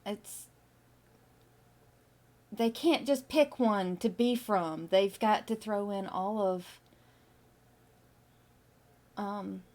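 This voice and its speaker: A middle-aged woman chatting casually with her stream viewers as she draws, musing slowly with lots of fillers. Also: mid-range voice, darkish tone. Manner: slow, musing, with many fillers. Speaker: artist streaming while drawing. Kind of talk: casual chat with live viewers.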